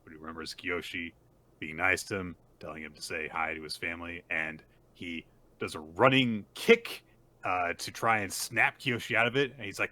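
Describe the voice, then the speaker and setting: A man co-hosting a casual podcast, excitedly retelling a story and acting out the characters' lines. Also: deep voice, normal speed, dry recording. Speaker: podcast co-host. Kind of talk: casual chapter recap.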